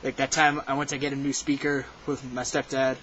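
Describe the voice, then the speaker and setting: A teenage boy telling a story in a casual, rambling way, with lots of "like" and "um" and animated quotes. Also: mid-range voice, a little fast, lo-fi sound, a little hiss or hum. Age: teens.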